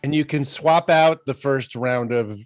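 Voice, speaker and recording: A man's voice: medium pitch, a little slow, soft background music. A man co-hosting, chatting and riffing playfully over gameplay. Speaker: co-host. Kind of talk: casual chat over gameplay.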